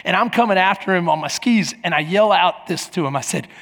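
Preaching from the pulpit, this middle-aged man tells lively stories and imitates the people in them. His voice runs high and gravelly, brisk with few pauses, and the sound carries a long hall reverb.

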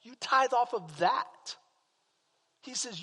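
A man with a Texan accent preaching a sermon as pastor, swinging from quiet asides to fervent exclamations. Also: high voice, animated, unhurried, long reverb tail.

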